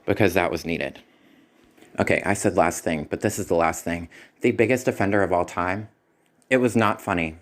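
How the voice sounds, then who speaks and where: A man's voice: low voice, moderate pace. A man giving a spoken movie review in a critical, sarcastic way. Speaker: film reviewer.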